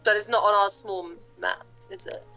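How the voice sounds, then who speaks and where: A woman's voice: medium pitch, steady tone, normal speed, creaky, bright, forceful tone, faint music behind, rough recording. A woman chatting as a player in a tabletop game, asking lots of questions. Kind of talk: casual tabletop game chat.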